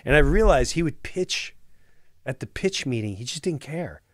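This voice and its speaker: A male comedian telling a story in an animated, profane way, acting out the other people's voices. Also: on the high side, normal speed, no echo, studio quality. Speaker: comedian guest.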